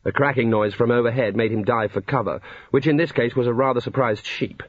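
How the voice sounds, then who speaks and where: A man's voice: medium pitch, brisk, no echo. A man narrating a comic fantasy novel in a dry storytelling manner. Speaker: audiobook narrator. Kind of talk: scripted narration. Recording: dull lo-fi recording.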